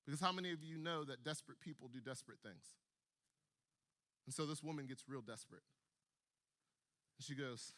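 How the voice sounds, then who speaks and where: A man's voice: mid-range voice, fairly quick, pauses often, bright, forceful tone. A young man preaching a sermon to students, emphatic and building through repeated phrases. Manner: emphatic, repetitive, building intensity.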